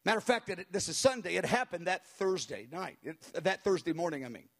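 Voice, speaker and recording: Animated high-voiced male preacher. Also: brisk. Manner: animated, acts out quotes. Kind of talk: sermon storytelling.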